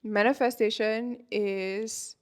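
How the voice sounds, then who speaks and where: A woman's voice: a little high, fairly even intonation, slow. A woman in her twenties, a manifestation coach talking casually to camera, chatty and filling her talk with "like" and "you know", laughing often. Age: 20s.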